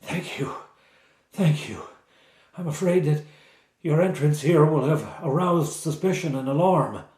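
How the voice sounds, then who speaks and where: A man's voice: on the high side, a little slow, darkish tone, recorded from a distance, pitched above the performer's own voice, lightly acted. A weary older knight, held captive and grateful to his rescuers, as a man voices him in a recorded tabletop game. The voice is pushed well above the performer's own and has an odd, strained colour. He speaks in breathless, quavering bursts, and the recording sits in a roomy echo. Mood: anxious.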